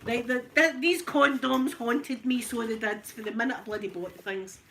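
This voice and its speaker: A middle-aged Scottish woman chatting and telling a funny story while she irons, animated and laughing often. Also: on the high side, moderate pace, slight background noise. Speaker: ASMR channel host. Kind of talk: casual storytelling while ironing.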